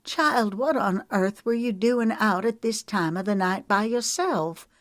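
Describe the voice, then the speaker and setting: Fretful motherly farm wife, voiced by a woman, higher and urgent, dry sound. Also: measured pace, no echo, natural voice. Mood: anxious.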